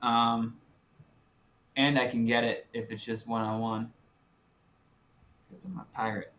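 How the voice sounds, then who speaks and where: A man playing in a tabletop game, relaxed and jokey, laughing easily. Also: medium pitch, measured pace, lo-fi sound. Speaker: player. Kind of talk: casual game talk.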